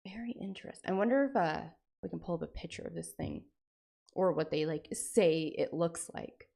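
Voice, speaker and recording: A woman's voice: lowish voice, normal speed, gravelly, dark tone. A woman streamer chatting casually with her viewers, rambling and sprinkling in lots of "like" and "frickin'". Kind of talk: casual live-stream chat.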